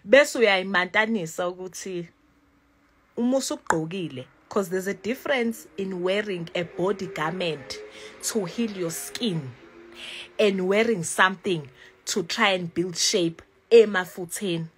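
A South African woman in her thirties venting in a casual vlog, animated and switching between languages mid-sentence. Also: medium pitch, unhurried, slightly rough. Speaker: YouTuber.

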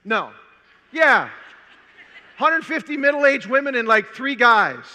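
An older man from Minnesota giving a conference talk, telling a personal story in an animated, humorous way before a large audience. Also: extremely high pitch, slow pace. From Minnesota, USA. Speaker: conference speaker. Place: large hall. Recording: long hall reverb.

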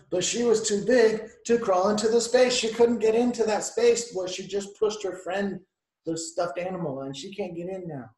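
A man's voice: high-pitched, darkish tone, reverberant, poor audio. A male teacher reading a picture book aloud to children, stopping to explain the pictures and ask them questions. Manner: chatty, explains the pictures, asks the kids questions.

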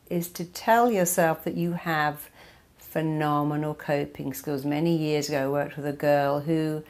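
Woman, therapist, motivational talk, emphatic, repetitive lists, lowish pitch. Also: fairly even intonation, unhurried, darkish tone. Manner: emphatic, driving home points with repeated lists.

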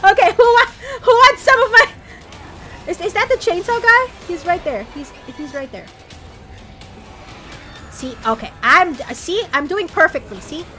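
Panicky, jokey woman gamer on stream. Very high, bright voice, faint music underneath. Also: lively intonation, measured pace, pauses often. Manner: panicky, jokey, bursts into shrieks and laughs. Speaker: streamer playing a horror game. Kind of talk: casual gameplay commentary.

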